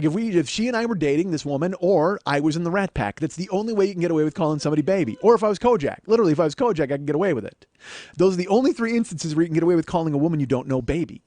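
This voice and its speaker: The man, a podcast host in his 40s, sounds a little high with a darkish tone and no echo. His comedic monologue is a rambling string of self-deprecating, profane stories.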